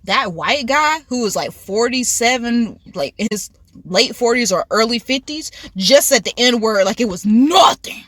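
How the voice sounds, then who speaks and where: A woman vlogger telling a casual storytime in an excitable, animated way, recorded inside a car. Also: a little high, normal speed, no echo, clean studio sound.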